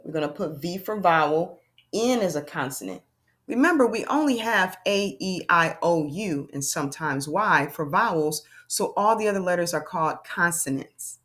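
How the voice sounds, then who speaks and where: A woman's voice: fairly low pitch, a bit bright. Woman teacher doing a phonics lesson for little kids, voice goes up and down a lot, sounds out each letter. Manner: slow, encouraging, sounds out letters and claps syllables. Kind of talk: phonics lesson for young children.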